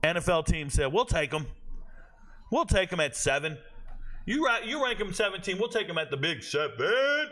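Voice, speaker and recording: A man in his forties hosts a live stream, talking straight to his chat viewers. His voice sits a touch high and bright, pushed out with real force. He jokes loudly and spins stories in relaxed slang. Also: moderate pace. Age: 40s. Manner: loud, joking, slangy storyteller.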